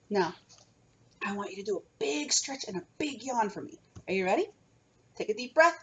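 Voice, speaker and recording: A woman's voice: on the high side, very animated, a little fast. A young woman teaching a remote kindergarten music lesson from home, coaxing small children with a sing-song manner.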